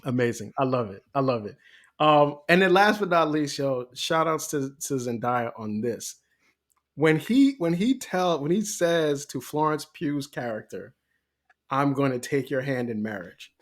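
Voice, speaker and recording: A man co-hosting a podcast, talking casually and getting animated and laughing as he recounts scenes. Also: a little high, measured pace. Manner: animated, laughs often, gets excited. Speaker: podcast co-host.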